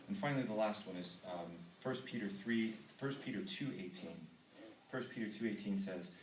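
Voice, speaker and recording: A middle-aged Texan man gives an earnest testimony to a men's ministry group, first reading scripture and then telling his own story with plenty of ums. His lowish voice moves at a moderate pace. He's picked up by a distant mic in a roomy hall, with a little hiss or hum.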